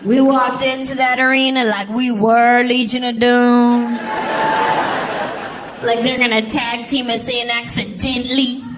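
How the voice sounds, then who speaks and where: A woman performs stand-up comedy on stage before a live audience, telling stories and acting out childhood voices. Her voice is a little high, with little pitch movement and an unhurried pace. The live show recording includes crowd sounds and noise.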